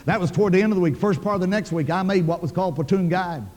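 A man's voice: sits high, rapid-fire, a little mellow, in a large hall. An older man preaching a sermon, telling a story in a folksy, emphatic, colloquial way.

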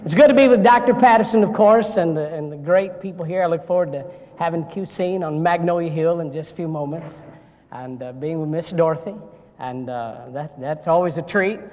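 High-voiced folksy preacher in a reverberant chapel. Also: male voice, brisk, dark tone, highs cut off. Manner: folksy, joking storyteller. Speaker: guest preacher. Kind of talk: sermon. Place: seminary chapel. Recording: long hall reverb.

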